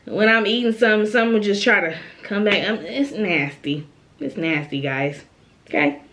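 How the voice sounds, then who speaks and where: A young woman vlogging at home, chatty and animated, often tagging her points with "okay?". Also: mid-range voice, moderate pace, slight background noise. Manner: chatty, animated, repeats phrases and tags "okay?". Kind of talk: casual chat to camera.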